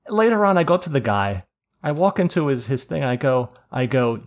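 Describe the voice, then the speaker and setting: A man's voice: a little high, moderate pace. A man, co-hosting a casual podcast, telling stories animatedly and swearing a lot as he gets worked up. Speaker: podcast co-host.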